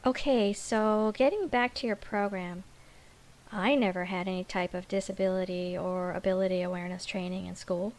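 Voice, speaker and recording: A woman's voice: medium pitch, darkish tone, poor audio. A woman parent politely asking questions in a scripted dialogue. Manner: inquisitive, polite.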